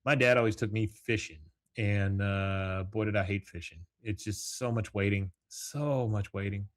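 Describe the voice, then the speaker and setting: A man's voice: fairly low pitch, steady tone, normal speed. A middle-aged man hosting a solo podcast, recapping a cartoon episode in a rambling, casual way with chuckling asides. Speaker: podcast host. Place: home, with morning coffee.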